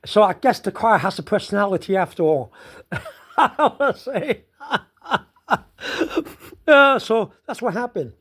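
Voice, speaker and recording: A casual personal storyteller talking through a frustrating day. They speak slowly and loop back over the same phrases again and again. Frequent bursts of laughter run through the telling. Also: medium pitch, expressive, a bit bright. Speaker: storyteller recounting their day.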